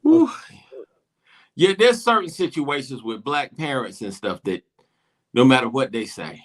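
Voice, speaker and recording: A man's voice: medium pitch, very animated, unhurried. A man in casual talk-show banter, jokingly scolding as if he were the storyteller's mother. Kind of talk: casual chat.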